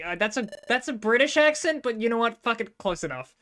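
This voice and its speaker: A woman's voice: a little high, animated, fairly quick, few pauses, bright, forceful tone. A young Australian woman giving casual, chatty live-stream commentary, swearing freely and making self-mocking asides. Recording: game music in background.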